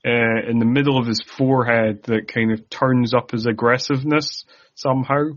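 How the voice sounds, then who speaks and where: A man's voice: mid-range voice, steady tone, normal speed, muffled recording. A man co-hosting a podcast, chatting casually and adding background facts about a film. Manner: chatty, adds trivia, laughs often. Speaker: podcast co-host. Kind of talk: casual movie discussion.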